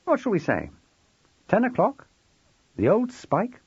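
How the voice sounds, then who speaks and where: A man voicing a patient, dry-humoured older head of sixth form who coaxes softly. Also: high-pitched, wildly swooping pitch, a little slow, slightly rough, no room sound, lo-fi sound, pitched above the performer's own voice, heavily acted. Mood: wry. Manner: soft-spoken, dry, coaxing.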